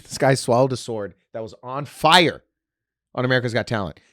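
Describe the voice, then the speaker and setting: A man's voice: mid-range voice, brisk, no room sound, studio quality. A man co-hosting a casual podcast, telling stories with lots of acted-out bits. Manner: animated storyteller who acts out anecdotes. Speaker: podcast co-host. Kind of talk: casual chat.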